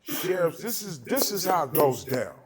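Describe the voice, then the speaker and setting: A man's voice: a little high, very animated, normal speed, crowd noise. A man from Southern California hosting a podcast, telling stories in a casual, profane way and acting out the people in them. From Altadena, Southern California. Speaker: podcast host. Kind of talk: casual storytelling chat.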